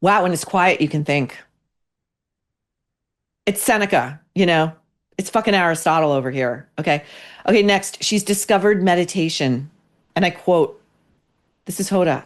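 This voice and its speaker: A woman's voice: fairly low pitch, normal speed, long pauses. A woman hosting a commentary podcast, ranting bluntly with profanity and biting sarcasm. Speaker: podcast host. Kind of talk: opinionated commentary.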